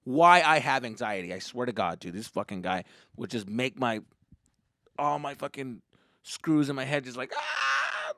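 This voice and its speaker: A man hosting a podcast, telling a comic family story in a profane, rambling, animated way. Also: mid-range voice, moderate pace, dry recording, clean studio sound. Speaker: comedian podcast host. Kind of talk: comedic storytelling.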